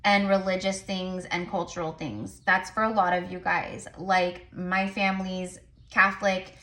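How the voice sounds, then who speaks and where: A tarot reader with a lowish, slightly bright voice and a flat delivery gives her viewers a casual reading. She rambles with lots of fillers and restarts, and mentions that she talks fast.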